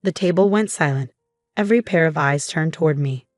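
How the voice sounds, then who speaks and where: Young woman, first-person story narrator, even and measured; low voice, dry close sound. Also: no room sound. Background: faint music.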